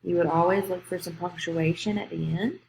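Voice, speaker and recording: A woman teaches a grammar lesson to young students in a somewhat low voice. She walks through each point patiently and checks that the class is following. The recording is in an echoey room with faint ambient noise. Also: fairly even intonation, a little fast, creaky, a little mellow. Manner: patient, explains step by step, checks in with "okay?".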